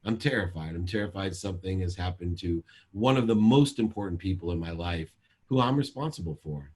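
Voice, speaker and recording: Deep husky man giving an emphatic pep talk. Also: lively intonation, fairly quick, a little mellow. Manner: emphatic, repetitive, preachy. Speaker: motivational speaker. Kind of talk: motivational sales seminar talk.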